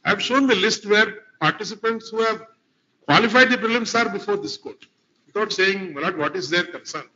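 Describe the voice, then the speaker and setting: Indian male advocate, high-pitched, courtroom argument, dull lo-fi recording. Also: a little fast, bright, forceful tone. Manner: formal, addresses the bench as my lord throughout. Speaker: advocate arguing before a court. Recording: lo-fi courtroom livestream audio.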